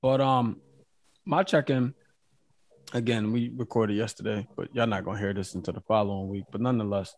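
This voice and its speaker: A man, co-hosting a podcast, talking in a halting casual way. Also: fairly low pitch, steady tone, a little mellow. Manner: halting, restarts, fillers. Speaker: podcast co-host. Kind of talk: casual chat.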